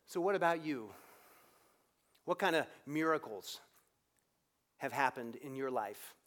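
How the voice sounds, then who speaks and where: A man's voice: medium pitch, expressive, a little slow, a bit bright. A man preaching a sermon in a reflective, conversational way, rising and dropping his voice for emphasis.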